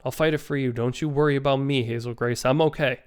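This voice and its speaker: A sick teenage boy holding himself together, as a man reads him, calm and quietly resolute. The voice is close to the reader's own, low in volume, smooth and clear. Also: fast, natural voice. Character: teenage boy, sick, trying to stay strong.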